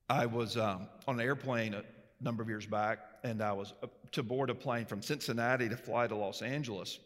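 A male Baptist pastor delivers a sermon in a church, his voice ringing with a long hall reverb. He swings from loud, lifted proclamations down to hushed, intimate storytelling, at an average pitch for a man.

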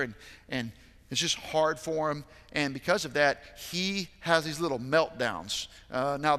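A man preaching a sermon with passion, moving between loud, rising appeals and quiet, personal storytelling. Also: mid-range voice. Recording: reverberant hall.

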